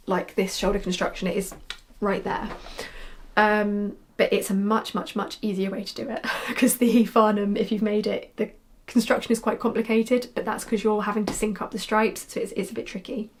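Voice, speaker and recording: A woman's voice: mid-range voice, flat delivery, normal speed, slight background noise. A young woman, chatty and rambling, talking casually about her knitting projects with frequent ums and restarts. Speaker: knitwear designer podcaster.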